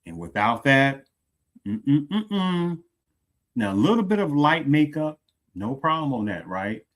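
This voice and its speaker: A man hosting an opinionated commentary show, talking emphatically, repeating phrases and drawing out stressed words, swinging from loud to hushed. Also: mid-range voice, big pitch swings, unhurried. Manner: emphatic, repeats phrases, asks "do you understand".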